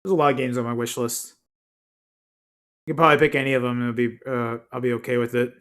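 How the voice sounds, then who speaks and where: A man's voice: medium pitch, flat delivery, fast talker, fairly bright tone, clean tone. Young male streamer, mid-range voice, casual rambling chat with frequent self-corrections.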